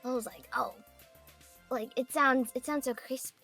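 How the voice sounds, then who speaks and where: High bright-voiced giggly woman. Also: fairly even intonation, moderate pace, faint music behind. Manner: giggly, chatty and loose. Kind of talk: casual chat.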